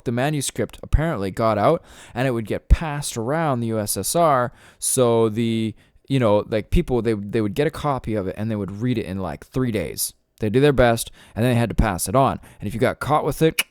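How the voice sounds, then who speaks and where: A man's voice: medium pitch, dry recording, studio quality. A young man hosting a solo podcast, ranting in a profane, rambling way with lots of fillers. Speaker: podcast host. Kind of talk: casual solo podcast rant.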